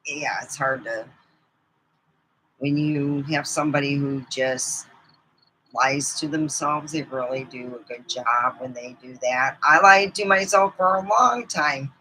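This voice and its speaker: Slow, low-voiced chatty woman. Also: bright, forceful tone, a little hiss or hum, low-quality recording. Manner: rambling, chatty, laughs often mid-story. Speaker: vlogger. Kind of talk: casual personal storytelling.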